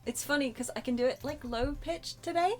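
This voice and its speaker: High-voiced woman streamer, self-mocking. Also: a little mellow, soft background music. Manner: self-mocking, quick asides. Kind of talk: casual gaming chat.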